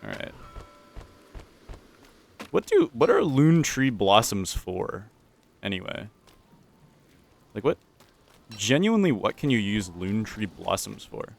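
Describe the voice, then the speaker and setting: This gameplay commentator is a young man who banters with the characters of a survival game, joking playfully and slipping into silly pirate voices. His voice is gravelly and on the low side, swinging widely in pitch as he takes his time with long pauses, and there's slight background noise.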